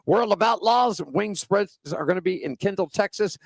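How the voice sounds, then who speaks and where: A man's voice: high-pitched, normal speed, creaky, no room sound. A male co-host of a racing radio show reading the race weather and an ad in an easygoing, folksy way. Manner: easygoing, folksy, says buddy and man. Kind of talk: casual racing radio talk. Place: Las Vegas area.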